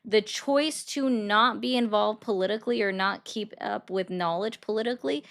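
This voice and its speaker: A woman hosting a political commentary livestream and taking callers, talking bluntly and arguing back fast. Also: mid-range voice, vocal fry, a bit bright. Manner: blunt, argumentative, quick comebacks.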